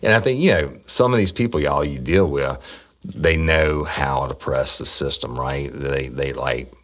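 A middle-aged man with an extremely low, deep voice tells old police stories. He talks in a blunt, folksy, profane way and often restarts his sentences. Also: measured pace. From Louisiana, USA. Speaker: podcast host, former police officer. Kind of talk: casual storytelling.

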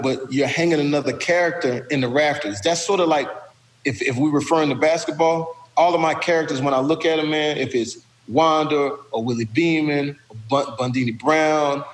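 Lively middle-aged man telling stories. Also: on the high side, normal speed. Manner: lively, profane, does voices. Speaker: actor and comedian guest. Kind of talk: animated storytelling. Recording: roomy with long reverb.

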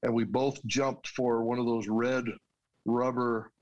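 A man's voice: medium pitch, little pitch movement, slow pace, a little mellow, dull audio. Earnest man telling his story. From United States. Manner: earnest and heartfelt, with restarts and the odd laugh. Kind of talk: personal storytelling.

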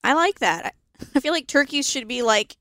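A woman co-hosting a casual comedic podcast, adding quick quips and laughing often. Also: high voice, expressive, a bit bright, dry recording. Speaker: podcast co-host.

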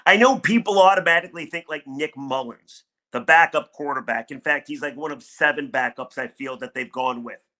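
A man's voice: fairly high pitch, a little fast, pushed and bright. A middle-aged man hosting a solo sports talk podcast, candid, conversational and emphatic. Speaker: sports radio podcast host.

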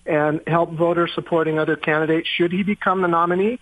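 A man's voice: fairly high pitch, fairly even intonation, a little fast, hardly any pauses. Polite male caller on tinny phone line. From Oregon. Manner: polite, earnest, apologetic. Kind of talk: phone-in call.

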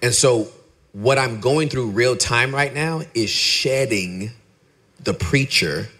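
A middle-aged man, a pastor and podcaster, talking candidly in an interview and acting out his stories with lively dialogue. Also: slow pace. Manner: animated storyteller, acts out dialogue in a high voice.

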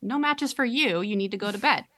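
A woman's voice: mid-range voice, expressive, fairly quick, a bit bright, dry recording, voice pushed up, natural voice. Frightened young mother read by a woman, pleading and tense, dry close-miked sound. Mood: pleading scared. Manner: pleading, anxious.

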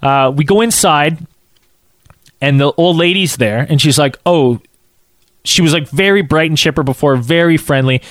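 A man telling a casual anecdote, acting out quotes in an animated way and saying "like" a lot. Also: fairly high pitch, normal speed, dry recording, clean studio sound.

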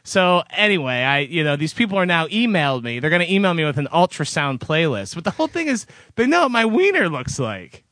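A man's voice: fairly high pitch, sing-song, fairly quick, few pauses, bright, forceful tone, no room sound, studio quality. A man co-hosting a casual podcast, telling an embarrassing story about himself in a sheepish, self-deprecating way. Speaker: podcast co-host.

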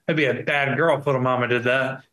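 A man's voice: mid-range voice, fairly even intonation, fast talker, a crowd in the background. A man co-hosting a comedy podcast, trading crude, playful banter. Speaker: podcast co-host. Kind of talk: casual comedy podcast chat.

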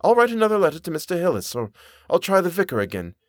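A tired, anxious middle-aged mother, as a male narrator puts her on for a storybook reading. The voice is lifted high and wavers between pleading and sharpness. It has a lively pitch and sounds dry and close. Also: fast talker, dry recording. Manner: pleading, tearful.

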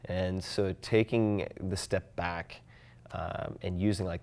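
A man talks in a relaxed podcast chat. His voice sits on the low side, and he thinks out loud as he goes. He gets animated and reflective, often acting out his own inner voices. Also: unhurried. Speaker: podcast guest. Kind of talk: casual conversation.

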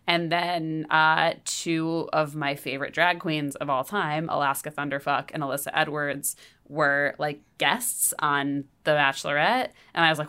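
A woman's voice: low-pitched, steady tone, moderate pace, hardly any pauses, bright, forceful tone, clear, resonant tone. A woman co-hosting a podcast in casual chat, rambling and swearing with lots of "like" fillers. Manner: chatty, profane, lots of filler "like". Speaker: podcast co-host.

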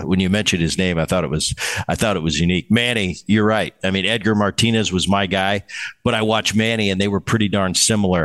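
A middle-aged man hosting a podcast, telling stories in casual chat and acting out the voices he quotes, with many restarts. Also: on the low side. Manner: animated, acts out quoted voices, frequent restarts. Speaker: podcast host, former player. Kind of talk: casual conversational storytelling.

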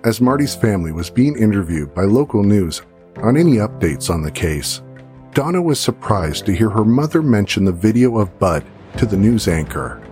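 A man giving scripted true-crime narration in a measured way. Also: fairly low pitch, sing-song, darkish tone, soft background music.

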